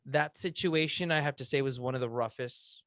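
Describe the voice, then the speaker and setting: With a medium-pitched, fairly bright tone and no room sound, a man in his thirties earnestly tells a podcast audience an emotional personal story. He pauses often, saying "um" and restarting.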